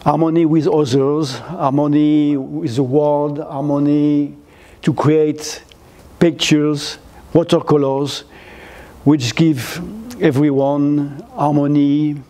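An older man from France with a French accent, giving a gallery lecture in halting English, full of fillers and restarts. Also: fairly high pitch, flat delivery, dark tone. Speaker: guest lecturer. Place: lecture hall, seated.

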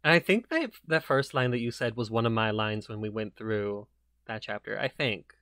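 A man's voice: on the low side, moderate pace, sharp tone, no echo, studio quality. A man hosting a podcast in casual chat, chatty and self-deprecating, with many fillers. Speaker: podcast host and author.

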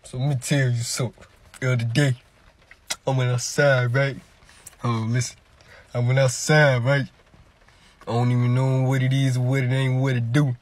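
A man's voice: mid-range voice, little pitch movement, normal speed, long pauses. A young man who tells rambling comic stories in slang, laughs at his own jokes, and talks into a webcam during a video chat. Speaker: comedy streamer. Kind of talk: loud rambling comic storytelling.

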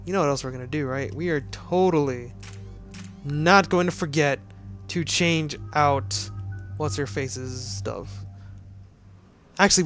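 A man giving casual game commentary, sarcastically ranting at a glitchy game. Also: fairly high pitch. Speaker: gaming commentator.

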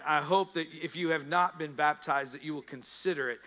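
A man's voice: fairly high pitch, brisk, very noisy. A male pastor preaching a sermon, telling stories and acting out the voices in his retellings. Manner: storytelling, dramatizes quotes.

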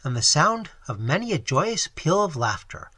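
A man reads a classic novel aloud with animated, expressive storytelling. His pitch roams widely and his tone is bright with a touch of breath. The recording is close and dry. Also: normal speed, slightly rough, dry recording. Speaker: audiobook narrator. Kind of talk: audiobook reading of a classic novel.

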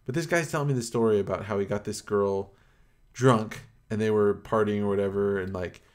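A man's voice: fairly low pitch, a little fast. Rambling man on a casual podcast. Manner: rambling, many "like" fillers, retells stories with quoted voices. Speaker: podcast co-host. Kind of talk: casual chat.

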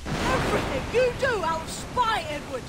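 A woman's voice: very high voice, animated, normal speed, heavy background noise. An actress playing a young wife who scolds and pleads with her seafaring husband, in a game cutscene. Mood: reproachful. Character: reproachful young wife of a pirate. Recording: ocean waves heard behind.

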